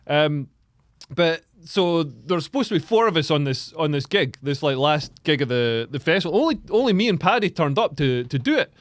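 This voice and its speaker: Chatty man with a higher voice. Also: expressive, normal speed, dry recording, studio quality. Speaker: comedian podcast co-host. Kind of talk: casual chat.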